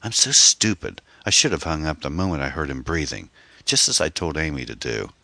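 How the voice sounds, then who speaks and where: A man's voice: extremely low pitch, expressive, brisk, sharp tone, dry recording, heavily acted. A man voicing a frightened, anxious middle-aged divorced mother in an audiobook, with a pleading manner. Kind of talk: audiobook character voice.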